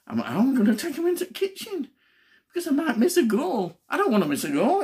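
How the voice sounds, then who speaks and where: A man chats away in a loose, rambling monologue. His voice swings up and down with animated pitch. He keeps exclaiming and poking fun at himself. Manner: exclamatory, self-mocking, chatty dialect talk. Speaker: vlogger. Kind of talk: casual rambling monologue to camera.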